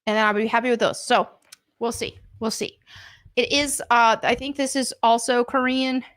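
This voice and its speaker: An American woman streaming live from home, chatting excitedly as she unboxes collectible figures at her desk mic. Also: a little high, moderate pace. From United States. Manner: excitable and gushing, with gasps and laughs.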